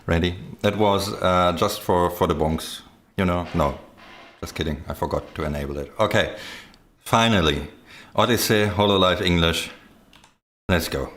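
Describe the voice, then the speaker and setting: A man streaming live, chatting casually and excitedly as he reacts to music videos, swearing freely and thinking aloud with lots of fillers. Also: deep voice, normal speed, a little hiss or hum. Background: faint music from the videos.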